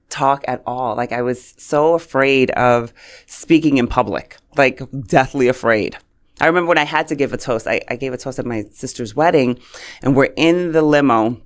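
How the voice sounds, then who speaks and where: A woman from New York with a New York accent, a communications coach speaking as a guest and telling stories in a lively way. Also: a bass voice. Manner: animated storyteller who acts out quotes. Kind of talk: casual interview chat.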